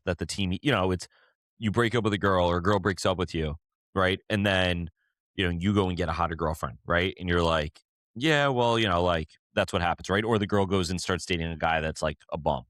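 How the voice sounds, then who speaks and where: A man's voice: low-pitched, fairly quick, a bit bright, no echo, studio quality. A man co-hosting a podcast, chatting casually about football in a rambling way with lots of fillers and restarts. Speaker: podcast co-host.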